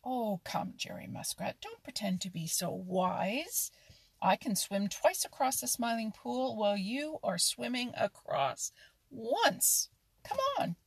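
A woman voicing a boastful young male otter in a storybook, reading his lines louder than her narration. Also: medium pitch, big pitch swings, measured pace, vocal fry, hardly any pauses, slightly rough, no room sound, full character voice, rough recording. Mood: coaxing.

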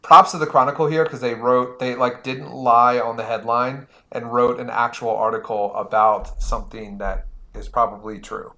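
A man's voice: mid-range voice, steady tone, normal speed, hardly any pauses, pushed and bright. An American man co-hosting a podcast in casual chat, rambling and saying "like" a lot. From United States. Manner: rambling, says "like" often. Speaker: podcast co-host.

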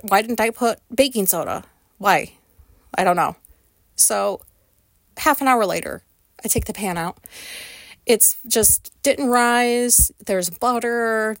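A woman's voice: medium pitch, no room sound. Candid woman vlogger, dry close sound. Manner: candid, rambling, swears often. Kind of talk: casual storytelling monologue.

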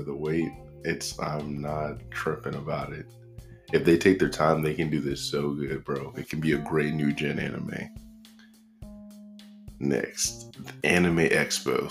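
A man hosting a casual solo podcast, talking in a laid-back, slangy way, with lots of "bro" and "like". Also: a bass voice. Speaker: podcast host. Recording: faint guitar music behind.

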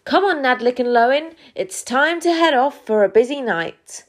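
A woman voicing Father Christmas, a kindly old man in charge, in a children's story, giving brisk, cheerful orders. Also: high voice, lively intonation. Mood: brisk, jolly.

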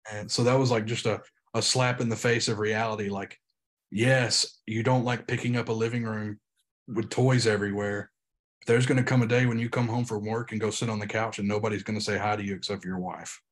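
A young man, a pastor and podcast guest, talking earnestly in casual interview chat, halting with frequent restarts. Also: on the low side, steady tone, fairly bright tone.

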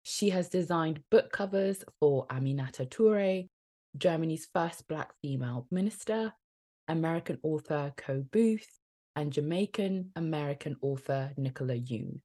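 A woman's voice: deep voice, expressive, normal speed, mellow. A woman co-hosting a podcast in a casual, upbeat, chatty way, laughing often. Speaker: podcast co-host. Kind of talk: casual chat and presenting.

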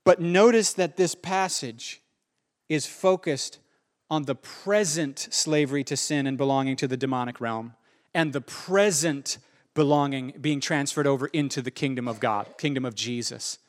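A man's voice: mid-range voice, normal speed. A man preaching a sermon in an earnest, conversational way, often repeating his phrases for emphasis. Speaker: pastor.

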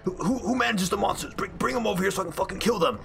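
A man voicing an angry, cursing male arena warden who yells at his assistant in a tabletop game. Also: high voice, very fast, vocal fry, over music, pitched above the performer's own voice. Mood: angry, baffled. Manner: shouty, swearing, flustered.

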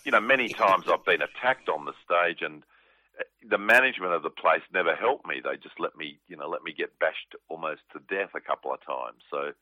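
A deep, low-pitched man of forty, talking in a plain-spoken, rambling way as a comedian guest. His voice comes through a tinny, dry phone line. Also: fairly quick, no room sound. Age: 40s. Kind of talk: casual phone interview.

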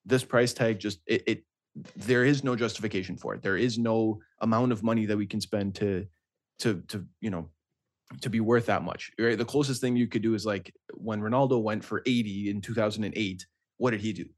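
A man with a fairly low voice makes his arguments in a relaxed football podcast chat. He builds each point step by step and keeps tagging "right?" onto his sentences. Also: fairly quick. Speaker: podcast co-host.

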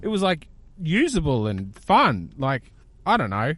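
A man's voice: fairly high pitch, unhurried, dry recording. A man with an Australian accent co-hosting a podcast, joking and chatting loosely with plenty of fillers. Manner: animated, joking, full of fillers. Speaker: podcast co-host. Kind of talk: casual banter.

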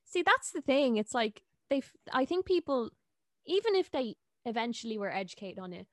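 A woman's voice: a little high, big pitch swings, no room sound. Young irish woman, blunt and sweary, dry close sound. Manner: blunt, swears freely, quick asides. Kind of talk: casual chat.

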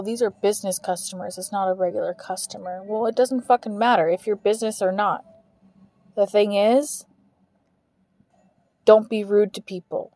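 A frustrated woman vents in a podcast monologue and swears constantly. Her voice is mellow and dark, in the middle of the range for a woman. The sound is dry and close. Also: mid-range voice, dry recording. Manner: frustrated, heavy swearing, ranting. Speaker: podcast host. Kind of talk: venting monologue.

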